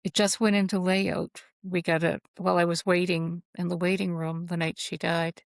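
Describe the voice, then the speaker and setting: A woman with a fairly low voice tells heartfelt stories in a casual interview, wandering from thought to thought and restarting sentences as she goes. The sound is dry and close, with no room around it. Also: little pitch movement, creaky, no echo. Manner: rambling, heartfelt, halting restarts. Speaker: author guest. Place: at home.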